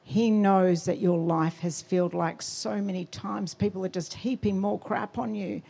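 A woman giving a sermon testimony, telling her story with animated quotes and emphasis. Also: medium pitch, unhurried, gravelly, breathy edge. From Australia.

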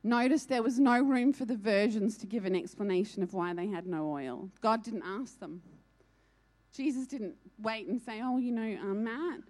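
A woman's voice: medium pitch, expressive, normal speed, darkish tone. A woman preaching a sermon, urgent and earnest, repeating key lines for emphasis.

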